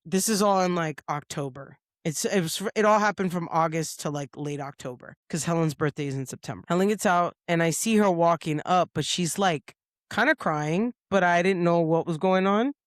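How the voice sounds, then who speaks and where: A woman's voice: on the low side, moderate pace, dry recording. A woman co-hosting a podcast in a studio, telling a story in casual chat and acting out the lines of the people in it. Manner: lively storyteller who acts out quoted lines. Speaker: podcast co-host.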